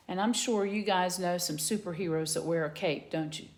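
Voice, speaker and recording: A woman teacher giving a patient phonics lesson to young children from her home garage, sounding out letters slowly. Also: fairly low pitch, roomy sound.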